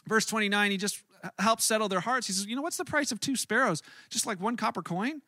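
Bright, high-voiced man preaching. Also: fast, no echo, clean studio sound. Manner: earnest, conversational preaching with frequent restarts. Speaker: pastor. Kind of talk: sermon.

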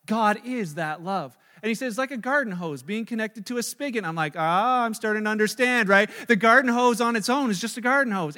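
A man in his thirties preaching a sermon, telling a story in a conversational, animated way with fillers and restarts. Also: high voice. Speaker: pastor. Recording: long reverb of a large hall.

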